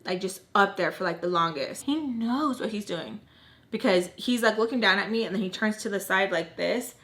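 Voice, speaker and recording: A woman's voice: medium pitch, normal speed, fairly bright tone. A woman in her thirties casually telling a personal story as a vlogger, chatty and dramatic. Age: 30s. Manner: chatty and dramatic, leaning on fillers.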